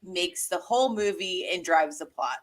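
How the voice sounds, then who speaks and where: A woman's voice: lowish voice, moderate pace. A woman co-hosting a podcast in casual chat, talking in a chatty way with frequent fillers. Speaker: podcast co-host.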